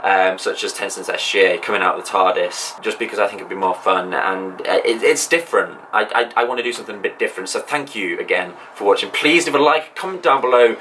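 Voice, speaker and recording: A man's voice: lowish voice, fast, hardly any pauses, pushed and bright, slight background noise, rough recording. A man hosting his own video channel, talking to camera in an enthusiastic, chatty way with frequent ums. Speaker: channel host. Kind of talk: casual vlog talk to camera.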